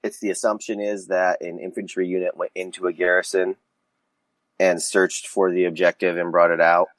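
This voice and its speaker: A deep-voiced man with a cold hosts a casual podcast, reading rules questions aloud and tossing in sarcastic asides. The sound is dry and close, with no room around it. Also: flat delivery, normal speed, dry recording, low-quality recording. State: has a cold. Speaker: podcast host.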